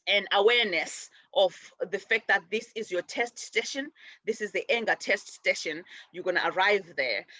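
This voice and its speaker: Middle-aged lady rambling gently thru a spiritual talk, dry muffled sound. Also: medium pitch, no echo. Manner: gentle, rambling, many restarts and fillers. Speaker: spiritual show host. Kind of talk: casual spiritual teaching.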